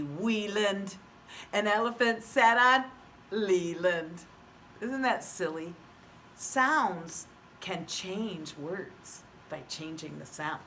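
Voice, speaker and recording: Slow, sing-song woman teaching preschoolers. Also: medium pitch, fairly bright tone, slight background noise. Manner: slow, sing-song and exaggerated for small children; asks the children questions and praises answers. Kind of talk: virtual read-aloud lesson for young children.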